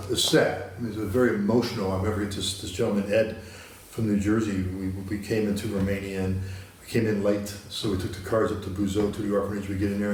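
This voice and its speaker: A man's voice: lowish voice, distant mic, a little hiss or hum. A man from the United States, a guest in a studio interview, telling stories casually with many restarts. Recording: very echoey, from the mic.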